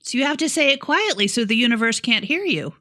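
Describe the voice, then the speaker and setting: A woman co-hosting a comedy podcast, with a bright, sharp voice. Her pitch swings widely as she teases the others with dry sarcasm. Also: expressive, fast. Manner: wry, sarcastic teasing. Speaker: podcast co-host. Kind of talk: casual comedic chat.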